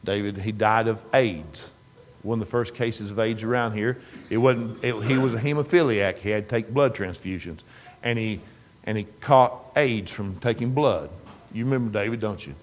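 A man's voice: fairly low pitch, normal speed. A middle-aged man telling a rambling, folksy family story in casual talk. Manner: rambling, folksy, restarts and trails off.

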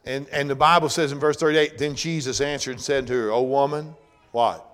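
A man preaching a sermon, swinging from loud bursts down to hushed, low-voiced passages. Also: steady tone, fairly quick.

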